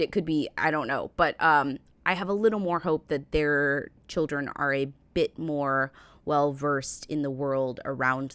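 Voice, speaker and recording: A woman's voice: low voice, a bit bright, no room sound. An American woman hosting a reaction video, chatting casually with a rambling, giggly manner. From United States. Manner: chatty, rambling, laughs often. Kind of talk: casual chat.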